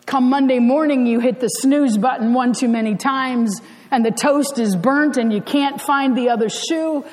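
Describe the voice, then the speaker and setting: A woman's voice: high voice, normal speed, darkish tone. A woman pastor giving a sermon, telling the story in a conversational way with dry humor, recorded in a church sanctuary. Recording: church hall reverb.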